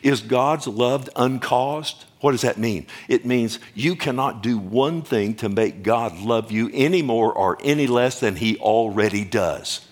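An older man preaching a sermon in a folksy, emphatic way, often asking the congregation questions. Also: lowish voice. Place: church or stage before a congregation.

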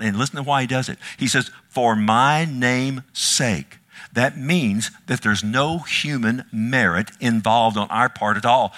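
A man preaching a sermon to his congregation, emphatic, dropping to a hush and then rising loud, often asking the listeners questions. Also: lowish voice. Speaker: pastor.

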